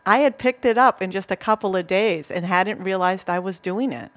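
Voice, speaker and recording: A woman with a Boston accent co-hosts a casual local talk show. She talks in a chatty, enthusiastic way, telling stories and laughing easily, with a middle-pitched voice. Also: normal speed. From Massachusetts. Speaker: co-host. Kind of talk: casual chat.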